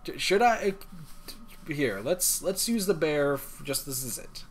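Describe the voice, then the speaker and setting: A man's voice: a little high, lively intonation, unhurried, faint music behind. A man streaming a video game, talking to himself in playful, rambling chat. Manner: playful, rambling self-talk.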